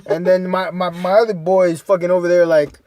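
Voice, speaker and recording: A man's voice: high voice, flat delivery, fairly quick, darkish tone. A young man co-hosting a podcast, rambling through a story in casual, profane talk. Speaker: podcast co-host.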